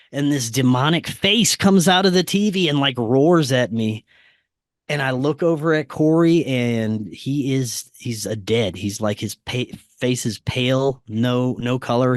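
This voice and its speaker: A man, a podcast guest, telling a personal story casually, dropping to a quieter voice when he quotes what was said. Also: medium pitch, no echo, studio quality. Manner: acts out quoted dialogue in a quieter voice; frequent fillers and restarts, animated retelling.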